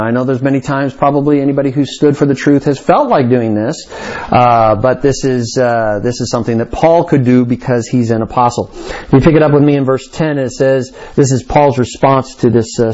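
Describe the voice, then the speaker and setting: A man's voice: medium pitch, a little mellow, muffled recording. A man preaching a sermon, reading scripture aloud and then explaining it with emphatic repetition. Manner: reads scripture aloud then explains, stresses key words. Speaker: pastor. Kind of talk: expository sermon.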